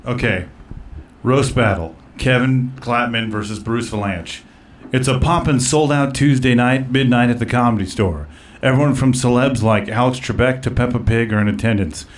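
A man's voice: mid-range voice, normal speed, slight background noise. A man hosting a comedy podcast in casual chat, rambling with lots of fillers and narrating an absurd roast story. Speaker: podcast host.

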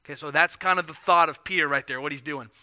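A man's voice: a little high, fast talker, pushed and bright, clean tone. A pastor preaching a sermon in an earnest, conversational way, asking rhetorical questions and often repeating words as he restarts.

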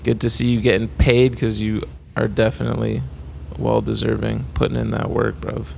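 A man co-hosting a podcast, chatting in a relaxed, slangy way and swearing casually. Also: lowish voice, moderate pace, gravelly, a little hiss or hum. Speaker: podcast co-host. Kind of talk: casual chat.

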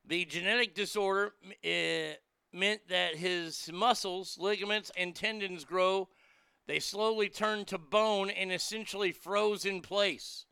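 A man's voice: high voice, steady tone, a little slow, creaky, pushed and bright, smooth, dry recording, clean studio sound. A man riffing crude, mocking jokes in a casual comedic monologue, chuckling at his own lines.

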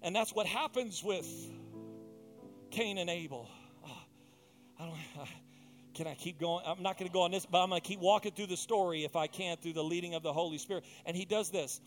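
A male pastor with a high-pitched voice preaches with passion, swinging from chatty asides to emphatic, rising peaks. Faint music plays underneath his sermon. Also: brisk.

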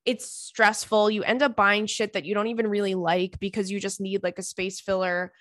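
A woman's voice: mid-range voice, flat delivery, moderate pace, a bit bright, no echo. Female podcast host, casual advice chat, candid and loose with swearing, dry close sound. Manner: candid, swears freely, chatty with fillers.

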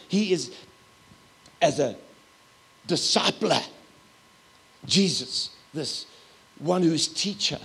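A middle-aged man preaching a sermon as a pastor, telling stories with loud, animated asides. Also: sits high, takes it slowly, creaky, long pauses, slightly rough.

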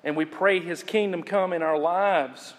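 A pastor preaches a sermon in a fairly high voice, building emphasis and stretching key phrases out slowly and repeating them. A long reverb makes it sound like a large church hall.

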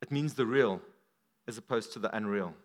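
A man preaching a sermon at a church service, animated, his voice swinging up and down for emphasis. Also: normal speed. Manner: animated, rises and drops in pitch and volume for emphasis.

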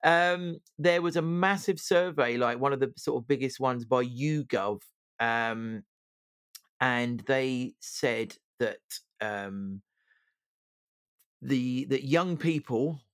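A man's voice: mid-range voice, no room sound. A man co-hosting a casual chat show, talking loosely with many fillers and restarts. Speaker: podcast co-host.

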